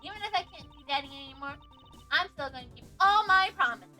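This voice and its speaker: A woman voicing a plucky little girl, high and chirpy. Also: expressive, fast, sharp tone, faint music behind, full character voice, low-quality recording. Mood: brave. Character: young girl, spirited and plucky. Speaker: streamer voicing game dialogue.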